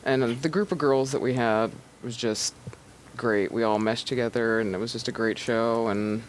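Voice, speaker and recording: A woman in her thirties from Pennsylvania, an actress being interviewed in casual chat, relaxed and quick to laugh. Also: a bass voice, a little hiss or hum, poor audio. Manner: relaxed, laughs easily, trails off. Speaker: actress guest.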